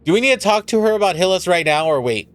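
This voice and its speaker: A man live-streaming a story game, swearing loudly, laughing and reading the characters' lines aloud. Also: sits high, sing-song, fast, no echo.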